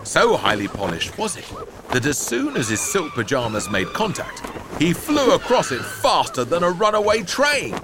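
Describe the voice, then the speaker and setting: Playful man reading a kids' story, low voice that swoops widely, hiss in background. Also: moderate pace. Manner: lively, playful, with sound-effect words.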